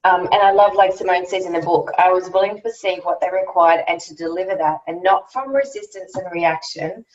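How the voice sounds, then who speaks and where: A woman's voice: lowish voice, a little fast, a little mellow. A woman joining an online book club discussion remotely, enthusiastic, with many fillers and restarted words. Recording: distant muffled call audio.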